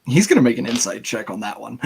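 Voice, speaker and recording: A man narrating as game master of a tabletop game, relaxed and halting with lots of fillers. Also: medium pitch, gravelly, noisy background.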